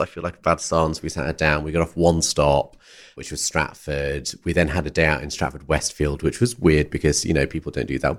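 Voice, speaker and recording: A man hosting a podcast, telling an anecdote in a rambling way with lots of "sort of" and "like". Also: a bass voice. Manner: rambling, hedges a lot with "sort of" and "like". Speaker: podcast host. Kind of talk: casual storytelling interview.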